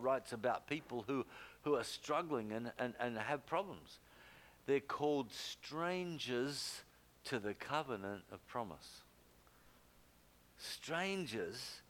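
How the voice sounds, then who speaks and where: An older man preaching a sermon, emphatic, with loud exclamations and low quiet asides.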